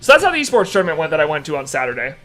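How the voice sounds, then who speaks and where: A young man streaming live, chatting casually with viewers and telling an animated story with dry sarcasm. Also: fairly high pitch, very fast, faint music behind.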